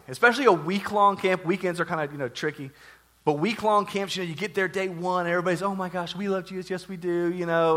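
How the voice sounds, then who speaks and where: A young adult man preaching a casual, jokey sermon, acting out quotes with lively energy. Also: on the high side. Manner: animated, jokey, acts out quotes. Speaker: pastor.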